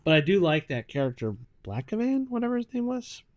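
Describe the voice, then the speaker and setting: A man's voice: sits high, brisk. A man hosting a casual podcast, talking animatedly and acting out characters' lines as he talks. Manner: animated, acts out characters' lines mid-sentence. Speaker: podcast host. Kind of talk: casual chat.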